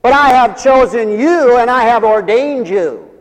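A man's voice: extremely high pitch, lively intonation, a little slow. A man preaching an emphatic sermon to a church congregation and a radio audience, calling out for responses. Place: church sanctuary. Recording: long hall reverb.

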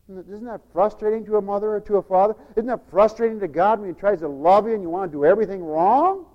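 A man preaching a radio sermon, animated, acting out the whining voices of children as he goes. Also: sits high, quick pace, hardly any pauses, big-room sound, low-quality recording.

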